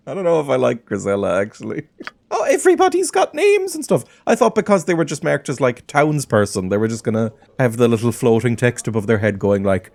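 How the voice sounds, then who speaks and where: A man's voice: medium pitch, wildly swooping pitch, brisk, creaky, a little mellow. A man casually commentating a game he plays, chatty and often giggling. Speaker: gaming video host. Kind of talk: casual let's-play commentary.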